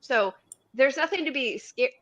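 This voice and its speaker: A woman's voice: sits high, expressive, measured pace, dry recording, lo-fi sound. A woman with the hiccups talking on a casual panel show, laughing often and restarting her sentences.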